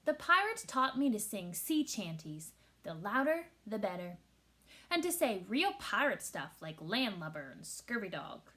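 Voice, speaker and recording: A woman reading a children's picture book aloud with expressive storytelling. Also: medium pitch, a little slow. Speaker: teacher.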